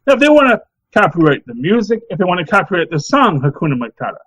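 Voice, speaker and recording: A middle-aged man co-hosts a casual podcast chat, his voice sitting a little higher than most men's. He rambles in an animated way, restarting sentences as he goes. The sound is dry and close. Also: fast talker, no echo, muffled recording. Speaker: podcast co-host.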